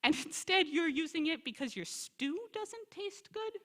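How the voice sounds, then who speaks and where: A woman giving a lively, conversational Bible teaching talk as a visiting scholar, acting out quoted complaints along the way. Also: very high-pitched, moderate pace. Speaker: scholar in residence lecturer. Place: congregation sanctuary or hall. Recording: long reverb of a large hall.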